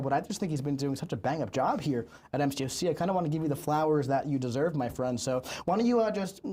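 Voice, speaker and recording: Male live-stream host, upbeat hype, stretches words for emphasis, voice sits a bit high. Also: a little mellow. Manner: upbeat, hyping, drawn-out emphasis. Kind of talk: hosting a live game stream.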